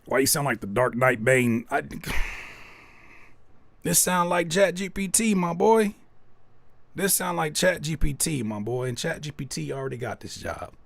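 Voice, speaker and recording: A man's voice: a little high, normal speed, vocal fry, no echo. A man hosting a live music feedback stream who speaks bluntly and emphatically and jokes as he critiques. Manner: emphatic, animated, blunt, joking. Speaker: host giving music feedback.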